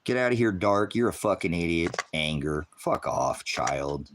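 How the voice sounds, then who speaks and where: With background noise behind him, a middle-aged man rants on his livestream in a low, animated voice at a measured pace. He's heated and profane, confronting and lecturing both viewers and chat.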